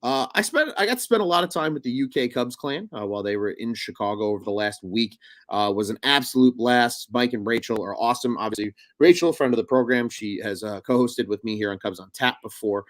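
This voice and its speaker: A man's voice: mid-range voice, expressive, brisk, no room sound. A young adult man co-hosting a casual sports talk show, chatty and rambling, with lots of fillers and restarts. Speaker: podcast co-host.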